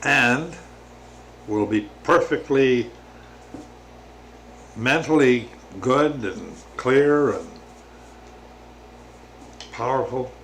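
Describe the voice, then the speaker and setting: A man giving a slow, halting, casual spiritual reflection to his viewers, with many pauses and restarts. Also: medium pitch, lively intonation, a bit bright, slight background noise. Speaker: religious vlogger.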